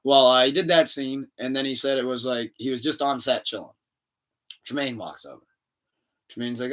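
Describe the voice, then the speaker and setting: A man's voice: medium pitch, brisk. Man telling a story, mic a bit distant. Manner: animated storytelling, acts out quoted dialogue. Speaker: podcast co-host. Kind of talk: casual podcast chat. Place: room shared with co-host.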